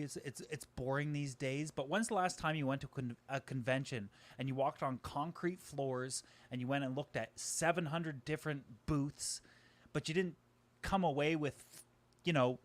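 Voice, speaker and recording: A man who is a guest on a live stream, talking from a home microphone in energetic, joking bursts and poking fun at himself. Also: on the high side. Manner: energetic, joking, talks in quick bursts, self-deprecating. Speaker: guest, aquarium YouTuber. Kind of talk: casual live-stream chat. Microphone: home microphone just set up.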